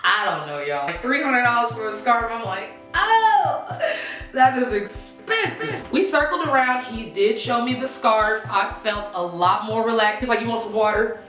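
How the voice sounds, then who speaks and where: A young woman telling a casual storytime vlog, chatty and animated, talking straight to her viewers. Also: fairly high pitch, normal speed, hardly any pauses, reverberant, faint music behind. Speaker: vlogger.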